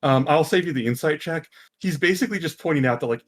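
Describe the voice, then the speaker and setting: Relaxed man running a tabletop game. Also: on the high side, a little fast, hardly any pauses. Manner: relaxed, laughing, many fillers. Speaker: game master.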